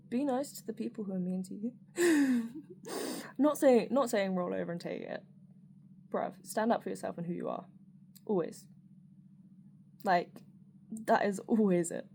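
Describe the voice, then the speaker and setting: A woman's voice: medium pitch, mellow. A woman talks through her thoughts in a loose, off-the-cuff vlog monologue. She rambles and restarts often, drops in casual swearing, and keeps it frank, with faint background noise. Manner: rambling and candid, with frequent fillers, swearing and laughter. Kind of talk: personal reflective monologue.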